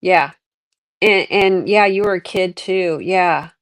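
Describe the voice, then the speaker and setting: A woman's voice: on the low side, slow, dry recording. A middle-aged woman hosting a livestream, chatting candidly and rambling through her life story. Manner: rambling, candid, reflective, many restarts. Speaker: livestream host. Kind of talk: casual livestream chat.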